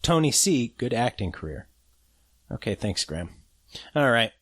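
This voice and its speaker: A man's voice: normal speed, slightly rough, no room sound, studio quality. A man hosting a horror podcast, chatting casually and joking as he plays voicemails. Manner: animated, joking, swings in pitch. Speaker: podcast host.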